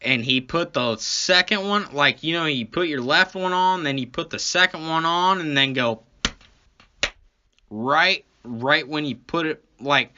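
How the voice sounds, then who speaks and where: A man tells a comic story slowly, rambling and swearing, with many restarts. His voice is bright and forward, on a dull, lo-fi recording. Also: a little high. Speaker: comedy podcast host. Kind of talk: casual comedic storytelling.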